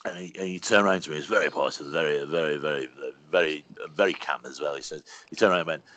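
A man's voice: deep voice, quick pace, a bit bright. A man, a stand-up comedian telling rambling anecdotes, swearing freely and laughing as he goes. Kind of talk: casual conversational storytelling.

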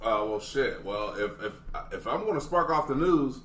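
Man, co-host, bright voice, lively pitch, teasing jokes, echoey room. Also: moderate pace. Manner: joking, teasing interjections. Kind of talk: casual group chat.

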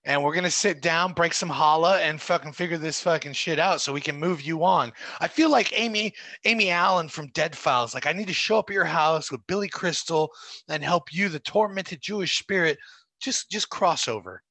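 A man's voice: on the high side, moderate pace, dry recording. A man co-hosting a podcast, chatting casually and joking around with lots of swearing. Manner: animated, jokey, profane. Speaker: podcast co-host.

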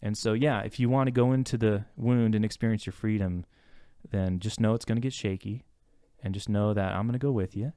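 A man talks through his ideas in a relaxed podcast conversation, speaking as a therapist. His voice is smooth, with a clean resonance. The recording is close and dry, and he pauses, restarts and searches for words as he reflects. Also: on the low side, dry recording.

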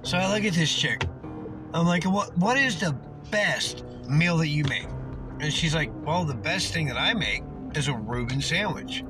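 A man with a Missouri accent, a bit drunk, hosts his podcast in a high, excitable voice, swearing his way through a rambling story. Music plays clearly behind him. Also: normal speed, rough recording. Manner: profane, excitable, slurring a little. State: tipsy. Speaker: podcast host.

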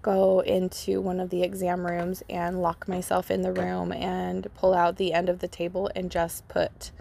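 A woman's voice: fairly low pitch, completely flat delivery, unhurried, creaky, dark tone, a little hiss or hum. A young woman hosting a podcast, telling a personal story in a casual, chatty way full of "like" and "um", recorded outdoors. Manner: chatty, lots of "like" and "um". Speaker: podcast host. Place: outdoors, child playing in water nearby.

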